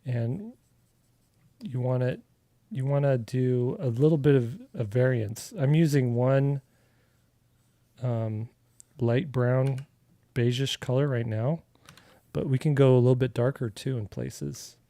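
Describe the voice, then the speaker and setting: A middle-aged man from Arizona talks through a digital coloring lesson in a loose, conversational way, full of little fillers and restarts. His voice is mellow and warm, at a middling pitch. The recording is close and dry. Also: slow, no room sound. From Arizona, USA. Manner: relaxed and chatty, with filler words and restarts, talking while he works. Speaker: artist teaching a digital coloring tutorial. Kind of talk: casual live drawing tutorial.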